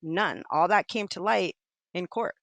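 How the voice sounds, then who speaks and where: A middle-aged woman guest telling her own story candidly, animated and acting out the voices of people she quotes. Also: fairly low pitch, measured pace, vocal fry, no echo. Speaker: podcast guest.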